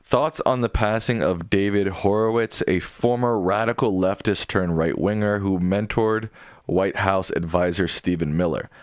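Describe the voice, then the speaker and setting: A man's voice: sits low, normal speed, dry recording, clean studio sound. A younger man co-hosting a casual live stream, reading viewer questions aloud and joking playfully with his father.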